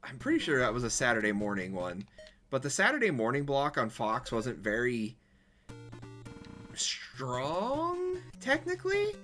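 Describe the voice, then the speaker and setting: A male streamer talking off the cuff while he plays a golf game, rambling and correcting himself as he goes. His voice is bright and forward, and his pitch moves a lot from phrase to phrase. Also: very animated, fairly quick, faint music behind. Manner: rambling, chatty, self-correcting. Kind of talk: casual chat while gaming.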